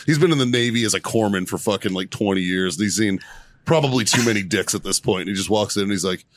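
A man's voice: on the low side, fast talker. A man co-hosting a casual podcast, telling a crude story with laughs and acted-out quotes. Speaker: podcast co-host.

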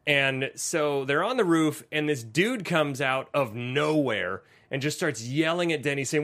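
A young man co-hosting a loose movie-review chat, his voice set a little high. He rambles through the plot, swears freely and laughs often at what he describes. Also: animated, moderate pace, hardly any pauses, fairly bright tone. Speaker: podcast co-host.

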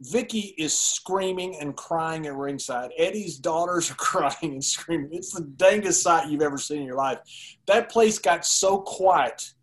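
A man telling a long story as a guest in a podcast interview, animated and laughing as he goes. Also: a little high, measured pace.

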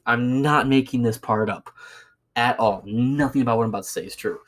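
A man's voice: medium pitch, brisk. A young man ranting casually about a coworker, profane and sarcastic as he tells the story. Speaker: podcast host.

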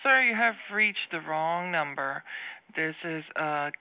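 A woman's voice: deep voice, expressive, a little slow, smooth, muffled recording. Firm curt woman shop clerk on phone. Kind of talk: customer service call.

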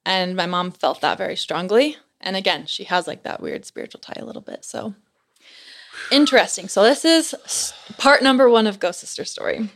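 Young adult woman, casual storyteller, chatty, filler-heavy, animated, mid-range voice. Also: mid-range voice, moderate pace, creaky. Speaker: guest telling a story.

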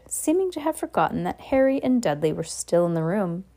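A woman's voice: mid-range voice, brisk. A young woman reading a novel aloud in a casual way, breaking off for chatty, playful asides. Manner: relaxed, chatty, with playful comments. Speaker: reader.

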